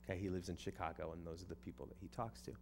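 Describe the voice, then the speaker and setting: A man's voice: sits low, little pitch movement, racing, gravelly, background noise. Conversational male pastor preaching. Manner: conversational, repeats words as he restarts. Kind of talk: sermon.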